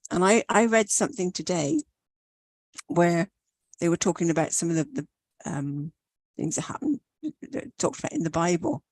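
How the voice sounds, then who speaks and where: A woman giving a motivational talk in a steady way, asking reflective questions. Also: lowish voice, normal speed, long pauses, dry recording. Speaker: talk show co-host.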